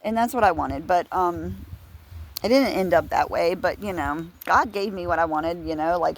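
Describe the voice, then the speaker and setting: A woman's voice: fairly low pitch, moderate pace, slight background noise. A woman giving a casual personal testimony, earnest and confessional, rambling with restarts and bursts of laughter. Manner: rambling, full of fillers and restarts, breaks into laughs. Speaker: Christian speaker sharing her testimony.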